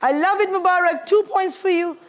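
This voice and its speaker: A woman's voice: extremely high pitch, fairly quick. A woman teaching a primary school science class, encouraging her pupils and calling them darling as she leads a clean-up and a discussion.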